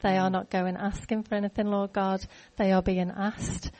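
A woman's voice: medium pitch, level tone, normal speed, darkish tone. A woman praying aloud at a church meeting, repeating phrases earnestly. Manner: earnest, repetitive prayer phrasing. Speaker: church member. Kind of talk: spoken prayer.

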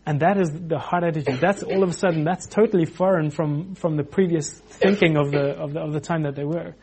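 A man preaching an informal sermon, animated, acting out quotes with frequent restarts. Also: on the high side, fairly quick, background noise.

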